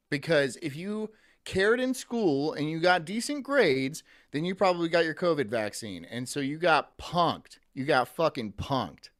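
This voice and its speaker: A man's voice: on the high side, a bit bright. A man streaming, ranting profanely and reading chat messages aloud in casual commentary.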